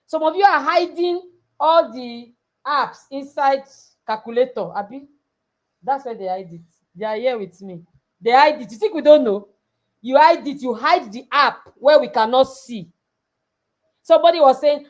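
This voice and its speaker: Brief: high-pitched Nigerian woman, middle-aged, lively motivational coach who scolds and coaxes her audience. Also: moderate pace. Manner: animated, acts out dialogues, coaxing and scolding. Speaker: coach speaking at a girls' summit. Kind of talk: motivational talk.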